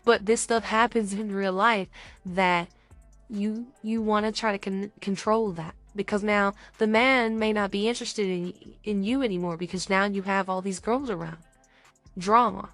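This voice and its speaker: A woman's voice: mid-range voice, dry recording. A young woman co-hosting a podcast, chatting casually and acting out little dating scenes as she talks. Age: young adult. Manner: animated, acts out little scenes. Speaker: podcast co-host.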